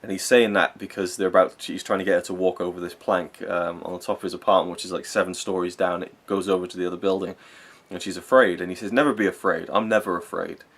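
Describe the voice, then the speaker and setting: A man's voice: sits low, steady tone, fast talker, hardly any pauses, fairly bright tone. A young man giving a rambling, enthusiastic spoken film review, full of fillers and self-corrections.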